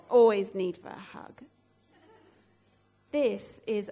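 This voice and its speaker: A woman giving an emotional, halting testimony in a church group, with many pauses and fillers. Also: on the high side, a little mellow. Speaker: church member sharing a testimony.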